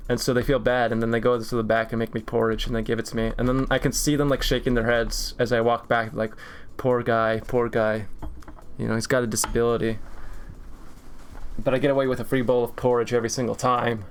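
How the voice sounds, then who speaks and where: A man's voice: mid-range voice, flat delivery, quick pace, few pauses, a little hiss or hum. A man in his twenties, a streamer chatting casually while he draws, rambling through jokey tangents and laughing often. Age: 20s. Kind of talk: casual chat while drawing.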